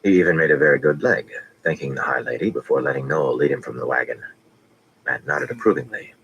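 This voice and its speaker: A man narrating a fantasy audiobook with steady, measured reading. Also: rumbling low, vocal fry, muffled recording, a little hiss or hum.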